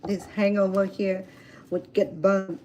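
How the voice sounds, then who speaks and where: A woman chatting casually while cooking at a home grill outdoors, telling stories in an animated way with many fillers. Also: mid-range voice, unhurried, lo-fi sound, slight background noise. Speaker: cooking vlogger.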